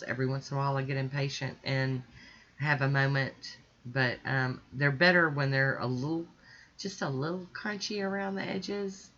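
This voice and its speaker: A woman casually chatting through a nail art tutorial, relaxed and rambling, with small laughs. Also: deep voice. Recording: dull lo-fi audio.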